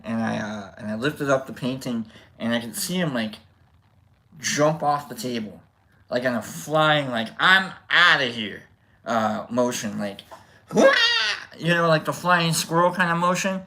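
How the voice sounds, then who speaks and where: A man hosting a livestream, telling a story casually to his chat in an animated, rambling way with restarts. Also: mid-range voice, normal speed, gravelly. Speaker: livestream host.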